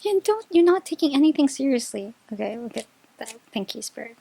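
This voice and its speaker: A high-pitched woman reading tarot in a casual, chatty way, full of filler words and quick restarts. Her voice sits close and dry, with no room sound around it. She gushes readily and often breaks into delighted laughter. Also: sing-song, vocal fry, dark tone, husky, no echo. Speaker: tarot reader.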